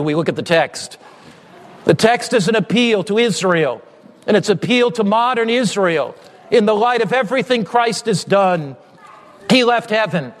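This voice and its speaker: A man preaching a sermon with impassioned appeals, often rising to shouting. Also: high voice, long reverb tail.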